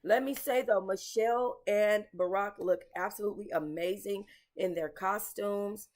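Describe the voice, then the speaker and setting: Her pitch sits in the middle, her pace is moderate, and her tone leans dark. She's a commentary channel host chatting casually with viewers, blunt and emotional, swearing and saying y'all.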